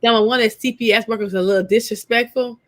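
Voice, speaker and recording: A woman's voice: on the high side, fairly even intonation, fast, a crowd in the background. A woman co-host chiming in during a conversation, emphatic and insistent. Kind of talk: conversational interjections.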